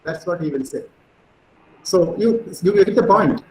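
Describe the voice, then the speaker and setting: A middle-aged man giving a physics lecture, animated and storytelling, with frequent fillers. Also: high-pitched, measured pace, echoey room, a little hiss or hum, rough recording.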